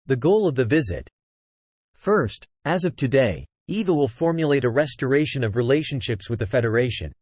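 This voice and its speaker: A man's voice: mid-range voice, darkish tone, dry recording. A computer-generated man's voice narrating a fantasy novel, reading punctuation marks aloud. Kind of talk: text-to-speech novel narration.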